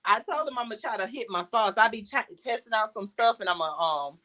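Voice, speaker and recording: A woman's voice: on the high side, expressive, fast, a bit bright. A middle-aged woman with a New York accent, chatting casually to viewers while cooking and laughing often. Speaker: podcast host. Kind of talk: casual cooking vlog chat.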